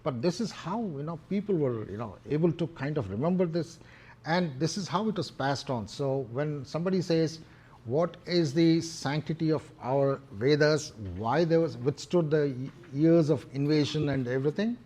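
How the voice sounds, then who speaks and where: A middle-aged man with an Indian English accent giving a devotional discourse, talking in a halting way with many fillers and restarts. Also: a little high, animated, mellow, breathy edge. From Hyderabad, India. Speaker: temple speaker.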